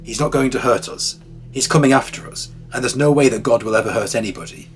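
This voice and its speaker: A frightened grandmother, pleading and desperate one moment, soothing a child the next, as a male narrator reads her lines. The voice sits at a medium pitch with faint music underneath. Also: quick pace, natural voice. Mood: reassuring. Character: frightened middle-aged woman witness, grandmother.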